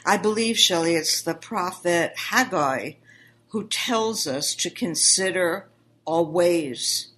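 Slow, bright-voiced woman co-host. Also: fairly low pitch, expressive. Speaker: co-host of a religious TV program. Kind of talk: casual chat.

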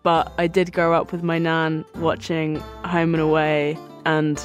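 A woman with a Hampshire accent, a studio director, speaking in a relaxed, self-deprecating way. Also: deep voice, a little slow, soft background music. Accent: Hampshire, southern English.

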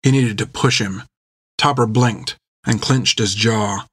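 A man reading an adventure novel aloud in measured, scripted narration on a close mic. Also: fairly low pitch, steady tone, fairly bright tone, husky, no echo. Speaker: audiobook narrator.

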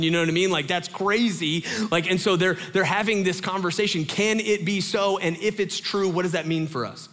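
Pastor guy in his 30s, chatty sermon with lots of likes and you-know-whats, kinda high voice, big echoey church. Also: brisk, hardly any pauses. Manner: animated, conversational storytelling with lots of fillers.

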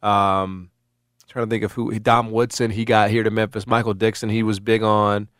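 A man's voice: lowish voice, flat delivery, moderate pace, a bit bright, clear, resonant tone, no echo, clean studio sound. Rambling man talking sports. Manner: rambling, many restarts and fillers. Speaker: sports talk host. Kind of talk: casual sports chat.

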